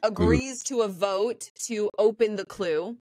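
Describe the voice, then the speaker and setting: A woman's voice: mid-range voice, unhurried, warm tone, no room sound. A young woman, a co-host, going through her notes in a casual, methodical chat. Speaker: co-host, former contestant.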